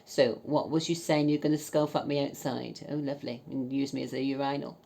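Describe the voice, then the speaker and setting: Bawdy woman with a very deep voice. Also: flat delivery, fairly quick, vocal fry. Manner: bawdy, cheeky, swears a lot; loud, sudden laughs. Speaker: vlogger. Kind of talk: casual chat reading dating messages aloud.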